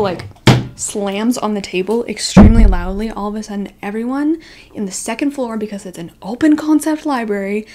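A book vlogger in her twenties tells a story to camera with a mid-range voice. She's casual, animated and self-deprecating, and says "like" a lot.

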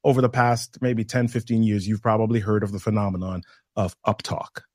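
A man guesting on a podcast as a communication trainer, explaining things in a measured way with deliberate pauses. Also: on the low side, little pitch movement, a little mellow, dry recording, clean studio sound. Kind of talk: instructive podcast conversation.

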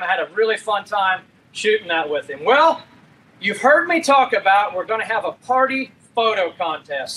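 High, bright-voiced upbeat male host. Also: slight background noise. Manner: upbeat, folksy promotional patter. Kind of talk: live-stream show hosting and interviewing.

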